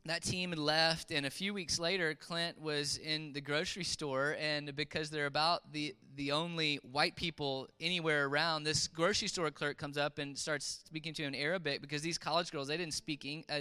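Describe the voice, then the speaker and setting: A man preaching, retelling a story with halting restarts and fillers, as in a sermon. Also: a little high, sharp tone, smooth. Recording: long reverb of a large hall.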